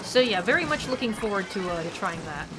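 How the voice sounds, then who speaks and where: A woman's voice: medium pitch, big pitch swings, brisk, noisy background. A young woman streaming a game, chatting casually in a rambling, profane way full of fillers. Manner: rambling and profane, heavy use of "like". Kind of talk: casual chat while gaming. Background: game music.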